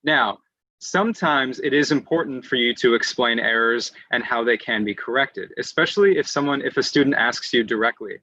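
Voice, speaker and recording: A man's voice: medium pitch, normal speed, pushed and bright, no room sound. A man giving an online lecture on teaching English, explaining patiently with frequent restarts and "um"s. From United States. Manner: patient explainer who often restarts phrases and fills with "um". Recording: dry, slightly muffled online audio.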